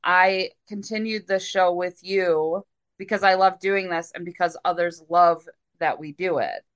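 A woman's voice: on the low side, measured pace, clear, resonant tone. A woman co-hosting a podcast in casual chat, giggling and breaking into laughter often. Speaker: podcast co-host.

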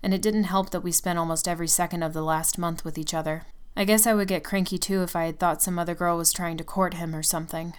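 Low, smooth-voiced woman narrating a story. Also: steady tone, quick pace, hardly any pauses. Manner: intimate, confessional reading. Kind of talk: first-person story narration.

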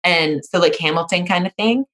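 A woman co-hosting a podcast, chatting casually in an animated, storytelling way with playful asides. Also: lowish voice, moderate pace. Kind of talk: casual chat.

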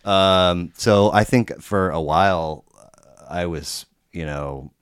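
A man's voice: low voice, takes it slowly, clean tone, no echo, studio quality. A man talking as a podcast guest in a casual conversation, rambling and cursing freely, with many restarts.

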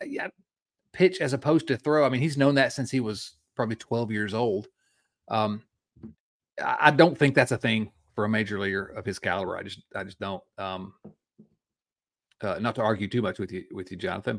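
A man in his forties from the Midwest, co-hosting a casual sports podcast, chatty and quick to laugh. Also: medium pitch. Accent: Midwestern American. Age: 40s. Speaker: podcast co-host.

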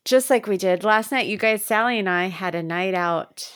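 A woman's voice: medium pitch, moderate pace, smooth, no echo, studio quality. Chatty woman co-hosting a comedy podcast. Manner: chatty storyteller, animated when retelling. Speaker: podcast co-host. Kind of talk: casual comedy podcast chat.

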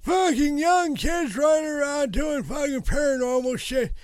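A man voicing a cranky old man who shouts and curses at young people to get off his yard. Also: very high voice, unhurried, no echo, clean studio sound, voice pushed up. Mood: grumpy yelling. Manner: shouting, cursing, drawn out.

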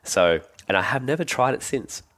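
An Australian man in his thirties, a guest telling relaxed stories in casual conversation. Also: mid-range voice, moderate pace. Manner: relaxed, animated when quoting others. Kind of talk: casual storytelling.

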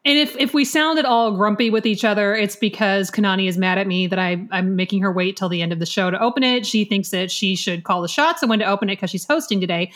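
A woman's voice: mid-range voice, fast, hardly any pauses, a bit bright. An American woman co-hosting a podcast, chatting casually in a playful, teasing, mock-serious way. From United States. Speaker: podcast co-host.

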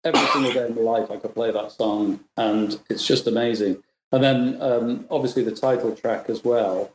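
A man's voice: medium pitch, fairly even intonation, normal speed, a little hiss or hum. A man chatting as a podcast guest, hesitant and listing his thoughts. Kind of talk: casual chat. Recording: echoey room.

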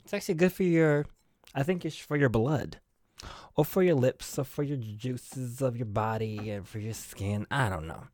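On his own podcast, a man chats casually and solo, sounding sassy, playful, and a bit of a diva, laughing often. His voice is medium-pitched with a darkish tone, at normal speed with no echo.

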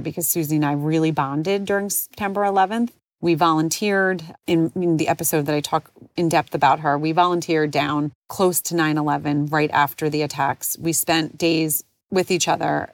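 A woman in her forties with a low voice talks alone in a personal, reflective podcast monologue. She sounds tender and heartfelt, sometimes close to tears. The recording is close and dry, with no room sound. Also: dry recording. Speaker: podcast host.

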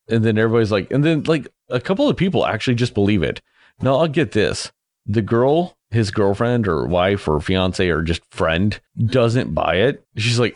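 A man's voice: lowish voice, expressive, brisk, a little mellow, no echo. A young man recapping a movie in a casual, rambling way, sarcastic and swearing a lot, slipping into mocking voices for the people he describes. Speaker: movie reviewer.

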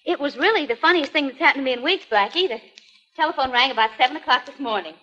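A loyal young sweetheart. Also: female voice, sits high, fast talker, sharp tone. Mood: earnest. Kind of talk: 1940s radio acting. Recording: muffled old radio recording with faint hiss.

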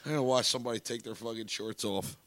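A man's voice: mid-range voice, fairly even intonation, fast, fairly bright tone, dry recording. A man co-hosting a podcast, trading crude, profane jokes in casual banter with friends. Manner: profane, gruff, teasing. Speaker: podcast co-host.

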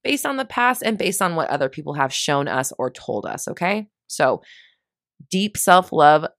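Woman, young adult, self-help coach, low pitch, dry recording, casual motivational chat. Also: big pitch swings, normal speed, a bit bright, no echo. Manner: chatty, loses words and laughs at herself.

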